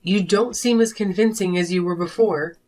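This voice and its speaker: A woman voicing a furious wife and mother who confronts her selfish husband in an animated drama. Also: lowish voice, normal speed, natural voice. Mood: confrontational. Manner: sharp, accusing, confrontational. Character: fed-up wife and mother demanding divorce. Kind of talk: animated story voice acting.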